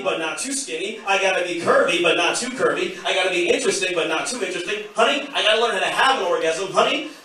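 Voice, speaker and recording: A woman's voice: fairly low pitch, pushed and bright. A man voicing his blunt, churchgoing mother in her sixties, who calls everyone honey and rants with profane exasperation. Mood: weary. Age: 60s. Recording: echoey club from far off with crowd.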